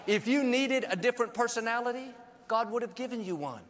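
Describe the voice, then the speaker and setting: A man's voice: very high-pitched, a little fast, a little hiss or hum. A male pastor preaching a sermon with jokes in a large church, upbeat and leading the congregation in call-and-response.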